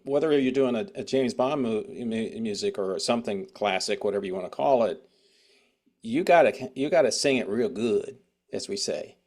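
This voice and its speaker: A man's voice: on the low side, lively intonation, normal speed, a little mellow. A man hosting an interview, asking long, rambling conversational questions. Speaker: show host. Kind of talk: casual interview chat.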